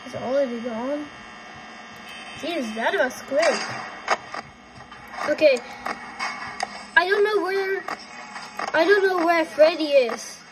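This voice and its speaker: A woman's voice: high-pitched, slow, pauses often, low-quality recording. A young woman playing a horror game and commenting, swearing a lot and sounding jumpy and frightened. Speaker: gamer.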